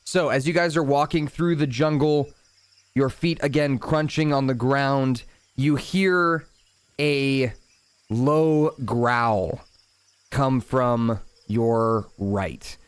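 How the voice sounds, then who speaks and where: Smooth-voiced man running a tabletop game. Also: mid-range voice, takes it slowly, dry recording. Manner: calm, descriptive scene-setting with casual asides. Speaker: dungeon master.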